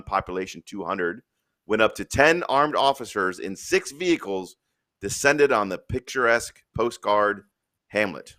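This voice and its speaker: On his live stream, a man with a lowish, pushed and bright voice chats casually but opinionatedly. He rants bluntly, swearing, then cracks jokes and reads a news story out loud.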